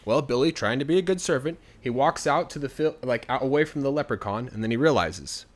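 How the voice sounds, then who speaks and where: Man, casual spoken storyteller, relaxed and chatty, middle pitch. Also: fairly quick. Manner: relaxed and conversational, with fillers like "you know".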